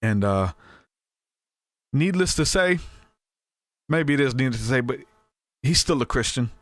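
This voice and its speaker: A man, hosting a podcast, who tells a story in a casual, animated and rambling way, with restarts and asides. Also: medium pitch, measured pace, no echo. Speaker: podcast host.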